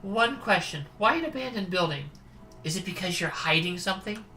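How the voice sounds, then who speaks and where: A woman's voice: fairly low pitch, expressive, a little fast, bright, forceful tone, soft background music, poor audio. A woman streamer reading a dating sim aloud, chatty with amused asides.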